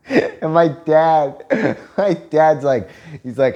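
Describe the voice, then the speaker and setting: A man's voice: mid-range voice, extremely slow, a little mellow. A man telling a story in casual, profane chat, laughing often as he talks. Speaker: vlogger telling a story to his partner.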